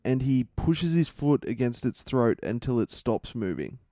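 A man co-hosting a podcast in casual chat, deadpan and swearing often as he retells a story. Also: mid-range voice, measured pace, no room sound, clean studio sound. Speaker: podcast co-host.

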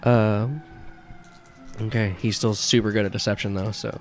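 A man's voice: fairly low pitch, little pitch movement, moderate pace. A man narrating a tabletop game as game master, casual and chatty with lots of fillers and laughter.

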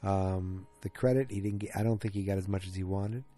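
A man with a fairly low, mellow voice talks through a TV episode in a loose solo recap. He rambles, restarts his sentences and fills the gaps with ums. Soft music plays faintly behind him. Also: fairly even intonation, fairly quick. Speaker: TV episode reviewer.

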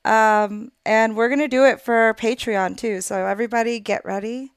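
A woman with a slightly high voice co-hosts a relaxed livestream chat. She sounds upbeat and encouraging. The recording is dry and close. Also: normal speed, clear, resonant tone, no room sound. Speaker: podcast co-host.

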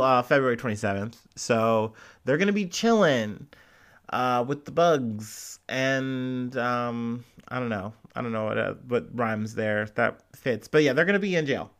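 A man's voice: medium pitch, animated, normal speed, fairly bright tone. A man casually hosting a news commentary, loose and profane, rambling with lots of fillers. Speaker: commentary host.

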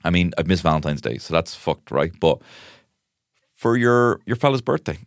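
A man with a very deep, low-pitched voice hosts a comic solo podcast. His intonation swings widely as he rambles, mocks himself and swears freely. The sound is dry and close. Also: lively intonation, brisk, dry recording. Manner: rambling, self-mocking, sweary. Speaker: podcast host.

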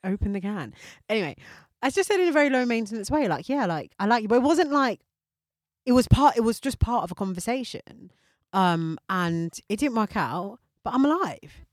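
Animated, laughing woman podcast co-host. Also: a little high, normal speed, no echo, studio quality. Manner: laughs often, animated storytelling. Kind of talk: casual chat.

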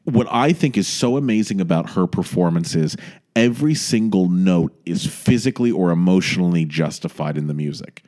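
A man co-hosting a casual chat, talking in an animated, gushing way with quick asides. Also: deep voice. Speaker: podcast co-host. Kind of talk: casual chat about musical theater.

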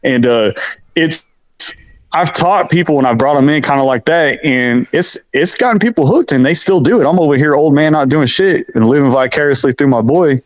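A man's voice: on the high side, normal speed, no room sound, poor audio. A man in his forties, a podcast guest, talking in a brash, profane, boastful way in casual chat.

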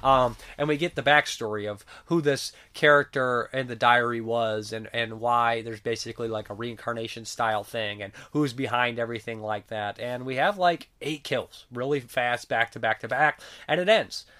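A man casually reviewing movies in a rambling, animated way, swearing now and then, and sounding sick. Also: mid-range voice, moderate pace, hardly any pauses, clean tone. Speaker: film reviewer.

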